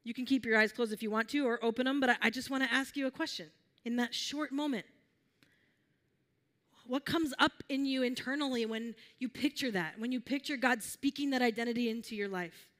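A preacher with a slightly high voice delivers a sermon to her congregation, speaking a little fast. Her manner is gentle, earnest and conversational, and she often restarts sentences while guiding listeners to imagine a scene.

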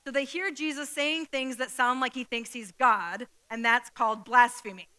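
A woman delivers a conversational sermon to a gathered congregation. Her voice sits high and sounds bright. She keeps checking in with her listeners as she teaches. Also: steady tone, moderate pace, smooth, rough recording. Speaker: preacher. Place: church hall with a screen.

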